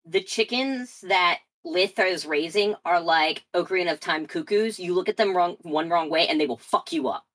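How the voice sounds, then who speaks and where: A woman with a lower-than-usual voice, trading jokes and in-game banter at a tabletop session. Her delivery is loose and playful. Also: moderate pace, hardly any pauses, a bit bright, low-quality recording. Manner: playful, joking. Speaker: player. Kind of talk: casual tabletop game chat.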